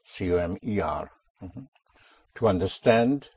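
A man's voice: low voice, expressive, a little slow, a little mellow, breathy edge, no room sound. A man teaching a language class, patiently drilling words and correcting pronunciation.

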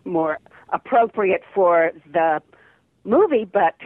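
An older actress chatting as an interview guest over the phone, rambling with restarts and laughing often. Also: female voice, on the low side, animated, slow pace, dry recording. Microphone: telephone. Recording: tinny dry phone line.

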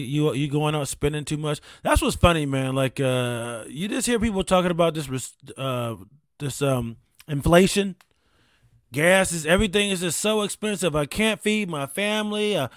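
A man talks straight into a studio mic at a slightly raised pitch, the sound dry and close. He rambles loosely as a podcast host, cursing freely and joking with his listeners. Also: no echo. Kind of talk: casual solo podcast chat. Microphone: studio mic on camera.

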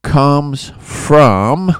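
A man's voice: fairly high pitch, lively intonation, extremely slow, clean tone, no room sound. A man giving an informal, earnest Bible commentary, talking conversationally with asides and restarts. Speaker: Bible devotional host.

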